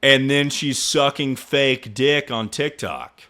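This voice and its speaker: A young male streamer telling a story to his chat in casual talk, swearing freely and sounding incredulous. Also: slow. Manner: animated, incredulous, swears freely, jumps to high pitch when mocking.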